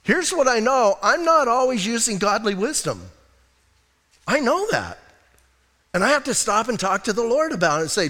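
A man's voice: very high-pitched, very animated, normal speed, bright, forceful tone, long reverb tail. A middle-aged man preaching a conversational sermon, joking and candid about his own faults. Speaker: pastor.

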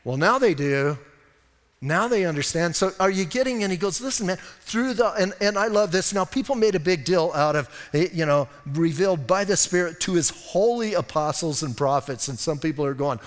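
A fairly high-voiced man preaches at normal speed, casual but forceful, repeating "listen" to his hearers and playing out small scenes. The church sanctuary gives his words a long reverb.

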